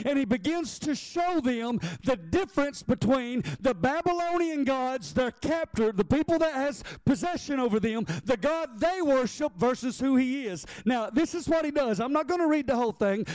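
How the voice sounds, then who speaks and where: High-voiced emphatic preacher man, dry sound. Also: expressive, darkish tone, no room sound, poor audio. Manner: emphatic, repetitive preaching cadence with drawn-out phrases. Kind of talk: sermon.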